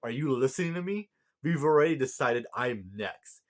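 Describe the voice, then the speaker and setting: Man doing a jackal god, hyperactive, boastful, pushy, loud and high, repeats words. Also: animated, normal speed, natural voice.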